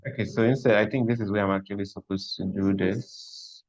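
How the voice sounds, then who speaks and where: Guy teaching coding slow, lowish voice, kinda dull lo-fi audio. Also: steady tone, a little mellow. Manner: slow, thinking aloud, repeats himself. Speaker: coding instructor. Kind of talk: live coding lesson.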